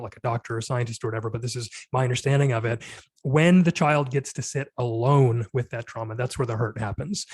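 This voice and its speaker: A podcast guest in his thirties candidly tells a personal story, earnest and reflective and full of "like" and "you know." His medium-pitched voice is slightly mellow, in a dry recording.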